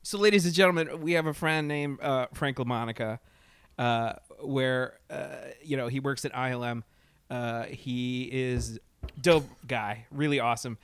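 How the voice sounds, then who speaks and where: A man's voice: medium pitch, steady tone, a little slow, clean tone, no room sound. A man hosting a radio show in a casual, rambling way, with jokes and lots of fillers. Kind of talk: casual chat.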